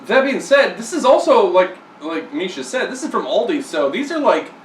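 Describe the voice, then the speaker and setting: A man's voice: high voice, big pitch swings, moderate pace. Rambling man in an echoey room. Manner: rambling, full of fillers. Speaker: co-host. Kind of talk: casual beer review chat. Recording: echoey room, far from the mic, faint hiss.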